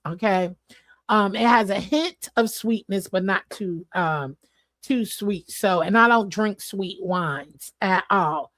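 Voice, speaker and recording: Woman, livestream host, casual chat, expressive, laughs often, mid-pitched voice. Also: dry recording.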